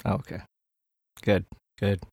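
A man co-hosting a podcast in casual chat, with dry, deadpan banter. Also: measured pace, dry recording. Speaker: podcast co-host.

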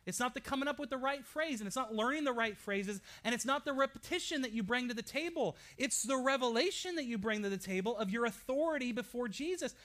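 A man's voice: extremely high pitch, animated, fast talker, few pauses, a bit bright. A middle-aged man preaching a sermon as a pastor, storytelling with humor and building to passionate emphasis.

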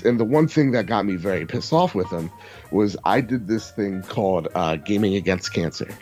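A young man speaking at an average pitch, venting in a loose, casual podcast conversation. His telling is heated and profane, and he drops into quoted voices along the way. Faint music plays underneath. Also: a little mellow. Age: young adult. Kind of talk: casual storytelling.

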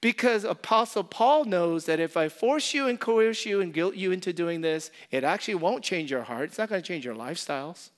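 This pastor's high, animated voice moves briskly, with few pauses, through an impassioned sermon. He repeats important phrases and alternates between loud, emphatic moments and soft, intimate asides.

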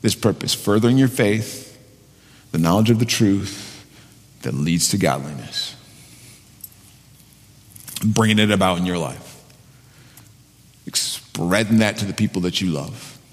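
A man pastor delivering a sermon and prayer, halting, with frequent restarts and fillers. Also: low-pitched, animated, in a large hall. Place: church sanctuary.

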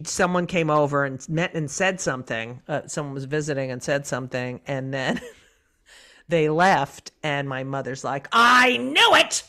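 A middle-aged woman comedian chatting on an interview show. She tells her stories with lots of energy, slipping into voices for the people she quotes and swearing freely. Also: deep voice. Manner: animated storyteller, acts out quotes, swears. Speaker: comedian guest. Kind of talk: casual interview chat.

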